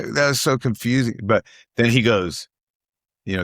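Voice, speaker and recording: A man's voice: medium pitch, moderate pace, pauses often, a bit bright, no room sound, clean studio sound. A middle-aged man, a guest comedian telling stories in casual chat, who repeats phrases for emphasis and acts out what other people said.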